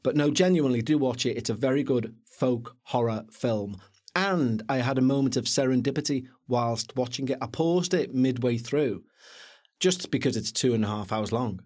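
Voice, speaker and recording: A man co-hosting a podcast, reviewing a film in a chatty, jokey, animated way. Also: mid-range voice, moderate pace. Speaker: podcast co-host. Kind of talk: casual film review chat.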